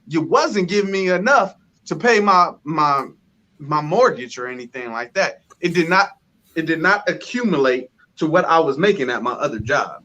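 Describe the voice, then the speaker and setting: A young man on a casual talk show, speaking high with a lot of swing in his pitch. His tone is bright and his delivery is emphatic, as if he is calling people out to their faces. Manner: animated, emphatic storytelling, addresses people directly. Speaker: podcast co-host. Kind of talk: casual chat.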